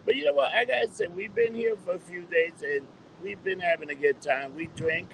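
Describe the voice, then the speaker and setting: A man's voice: high-pitched, expressive, fairly quick, gravelly, slight background noise, poor audio. A man in profane casual chat, giving blunt opinions and chiming in.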